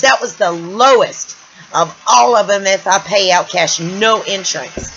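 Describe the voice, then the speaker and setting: A woman's voice: on the high side, animated, measured pace, fairly bright tone, dull audio. A woman from the United States venting angrily in a personal vlog, stumbling and repeating herself and sounding a little loopy. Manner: angry, venting, stumbling over words. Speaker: vlogger. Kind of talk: emotional personal vlog rant. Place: home room.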